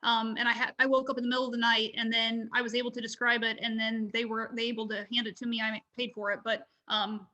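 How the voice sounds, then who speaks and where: Bright-voiced chatty woman. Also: a little high, flat delivery, fast talker, few pauses, dull audio. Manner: chatty, many fillers. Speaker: reading client. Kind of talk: casual chat.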